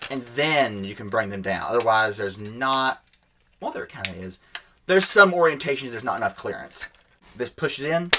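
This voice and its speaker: Man, toy reviewer, casual unscripted demo, rambling, self-correcting, excited, faint background hiss. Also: mid-range voice.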